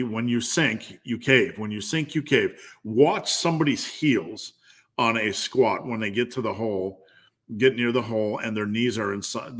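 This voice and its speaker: A man's voice: mid-range voice, fairly bright tone. A man coaching strength training in a live Q&A, blunt and profane, getting fired up as he drives his point home with repetition.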